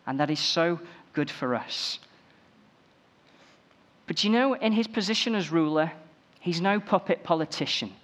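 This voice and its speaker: A man's voice: on the high side, fairly bright tone. A man preaching a sermon, building emphasis through repeated phrases.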